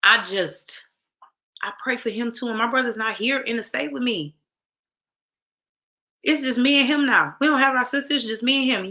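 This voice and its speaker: This female show host speaks directly and emphatically to viewers of her casual talk show, repeating phrases for effect. Her slightly high, sharp voice moves at a moderate pace and pauses often.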